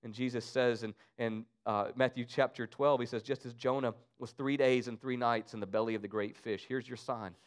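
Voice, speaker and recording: A man preaching an Easter sermon, swinging between loud emphasis and soft, low asides. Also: steady tone, moderate pace, hardly any pauses, clear, resonant tone. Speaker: pastor.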